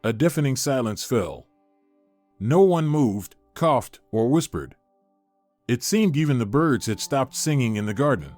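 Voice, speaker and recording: A man narrating a dramatic story in a measured, scripted reading. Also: mid-range voice, sing-song, darkish tone, dry recording. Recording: dry close recording with faint music.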